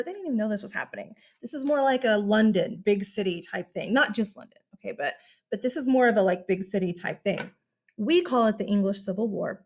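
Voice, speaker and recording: A woman teaching a history lesson in a casual, chatty way, asking rhetorical questions and calling her listeners guys. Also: on the high side. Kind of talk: casual classroom lecture.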